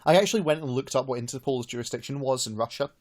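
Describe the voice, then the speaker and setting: A man's voice: mid-range voice, rapid-fire, darkish tone. A man hosting a podcast, recapping a film plot in casual chat with many fillers. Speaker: podcast host.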